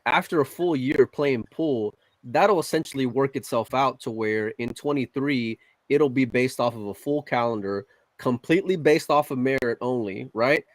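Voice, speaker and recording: A man's voice: mid-range voice, moderate pace, dry recording, low-quality recording. A man co-hosts a casual podcast, his voice in the middle range. He talks bluntly and emphatically, and the recording is dry and close. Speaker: podcast co-host.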